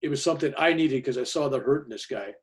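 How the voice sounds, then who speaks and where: A man's voice: medium pitch, quick pace. An older man, a reverend, telling a story in casual talk over a video call, his voice rising and dropping with the tale.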